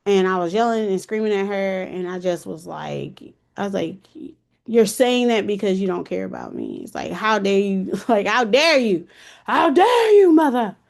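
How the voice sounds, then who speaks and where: A woman's voice: medium pitch, sing-song, moderate pace, creaky, darkish tone. A woman in her thirties hosting a podcast, telling a personal story in a candid, emotional, colloquial way. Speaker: podcast host.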